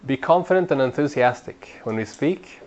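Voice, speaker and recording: Guy teaching a training class, earnest, repeats himself, gets fired up when he pushes a point, mid pitch. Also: moderate pace, lo-fi sound. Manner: earnest, repeats words while building a point, grows animated when urging. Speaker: Bible study trainer.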